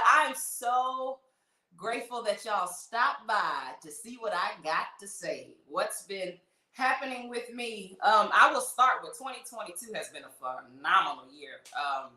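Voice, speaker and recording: A woman hosting a livestream, greeting viewers by name in a gushing, emotional way, her voice trembling with excitement. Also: medium pitch, roomy sound. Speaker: livestream host.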